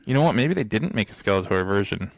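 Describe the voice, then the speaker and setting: A man's voice: on the low side, expressive, fast talker, gravelly, no room sound. A man co-hosting a podcast in casual chat, rambling and chuckling often between thoughts. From United States. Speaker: podcast co-host.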